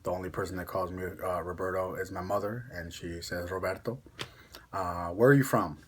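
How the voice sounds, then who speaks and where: A man's voice: deep voice, steady tone, a little fast, slightly rough. A young man with a Connecticut accent, chatting casually on a vlog in a rambling, self-mocking way. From born in Mexico, raised in Connecticut. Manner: rambling, chatty, laughs at himself. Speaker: ASMR vlogger. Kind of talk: casual chat.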